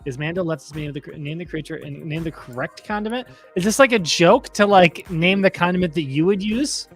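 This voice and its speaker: A man's voice: fairly high pitch, fairly quick, slightly rough, soft background music. A man from Michigan co-hosting a trivia show, chatting casually and laughing through his stories. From Michigan, USA. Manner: animated, laughing storyteller.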